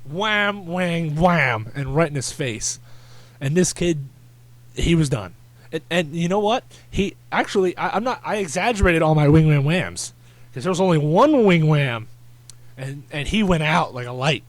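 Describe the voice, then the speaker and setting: In a dry recording, a podcast host speaks at a moderate pace with a fairly high pitch and lively intonation. He's a rambling storyteller, casually chatting, restarting himself, dropping fillers and crude slang.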